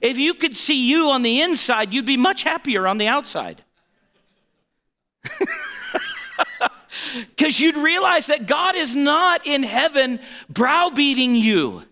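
A man preaching a sermon in an animated, emphatic way, with playful asides. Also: very high-pitched, moderate pace, hardly any pauses.

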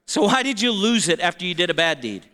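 A man preaching a sermon in an animated, emphatic way, with playful asides. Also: high-pitched, fast talker.

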